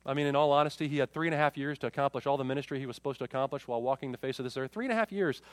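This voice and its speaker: A man's voice: mid-range voice, very fast, no room sound, clean studio sound. A man in his forties, a pastor preaching a sermon, often repeating words as he goes. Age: 40s.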